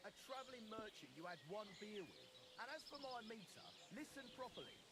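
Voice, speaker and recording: A crude medieval drinking man in a game, mocking his friend. The voice sits high and swings widely. Loud birds and rural outdoor noise run behind him. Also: sing-song, fairly quick. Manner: mocking, sings lewd rhymes. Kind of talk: video game dialogue.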